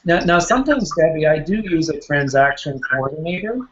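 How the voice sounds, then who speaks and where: A man's voice: on the high side, expressive, a little fast, highs cut off, slight background noise. A man coaching real estate agents in a casual question session, talking in a chatty way, repeating words and telling anecdotes. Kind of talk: casual Q&A with a listener.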